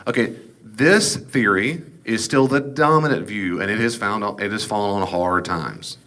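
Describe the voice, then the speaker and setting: A man's voice: lowish voice, a little slow, pushed and bright. A man teaching an informal Bible class, folksy and digressive with joking asides.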